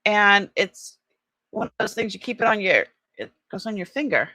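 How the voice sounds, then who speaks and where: A middle-aged woman chatting casually during an online jewelry sale, trailing off with fillers and switching to high cooing baby talk with her pet. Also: expressive, normal speed, sharp tone, no echo. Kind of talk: casual live-sale chat.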